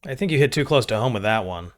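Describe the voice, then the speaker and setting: A man's voice: medium pitch, expressive, quick pace, close to an everyday voice. A man voicing a short, stocky male Marine with dry, wry humor.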